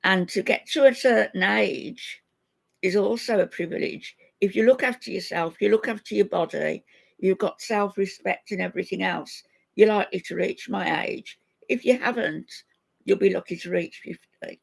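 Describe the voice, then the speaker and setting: Gravelly older woman scolding viewers. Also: medium pitch, normal speed. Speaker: livestream host. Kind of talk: casual livestream chat.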